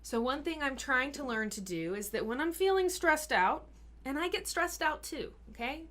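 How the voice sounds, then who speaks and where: Earnest woman health coach. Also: high voice. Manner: earnest and encouraging, explains step by step; sometimes drops to a slow, soft voice to model calm speaking. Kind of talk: live Q&A advice talk.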